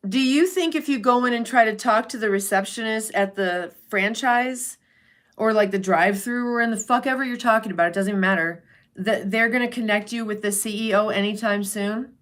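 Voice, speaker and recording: A woman's voice: a little high, fairly quick, a bit bright. Woman streamer just chatting, curses a lot, calls out viewers by name. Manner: blunt and profane, chatty, reads out viewer names. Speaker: livestream host. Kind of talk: casual chat with live viewers.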